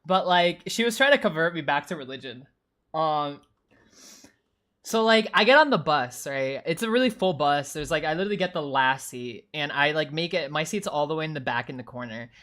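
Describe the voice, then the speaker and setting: A young adult woman streaming, chatting casually with her viewers in a slangy, animated way full of swearing and fillers. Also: low voice, brisk.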